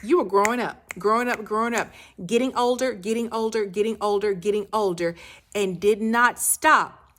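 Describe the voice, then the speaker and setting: A woman life coach giving a motivational speech, repeating her phrases for emphasis and often dropping to a soft, low near-whisper. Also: normal speed.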